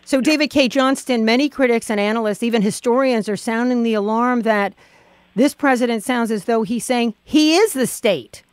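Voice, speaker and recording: A woman hosting a radio interview, asking measured, probing questions from the studio. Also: on the high side, no room sound. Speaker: radio host.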